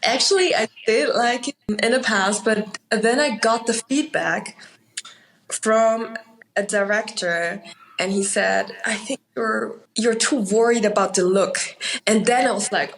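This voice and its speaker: A woman's voice: mid-range voice, a little slow, a bit bright, slight background noise, rough recording. A woman with a German accent, a native German speaker, chatting as an actor guest in an interview, laughing often between fillers. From Austria. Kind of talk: casual interview chat.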